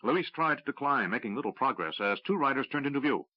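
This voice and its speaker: A man narrating a fantasy audiobook in a steady, measured reading. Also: medium pitch. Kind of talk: scripted narration. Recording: dry, slightly dull audiobook recording.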